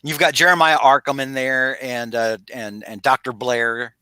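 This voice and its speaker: A man's voice: medium pitch, fairly even intonation, moderate pace, pushed and bright, smooth, no echo. Rambling man recapping comics. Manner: rambling, many fillers and restarts. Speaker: podcast host. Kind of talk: casual comic-book recap. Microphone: video call.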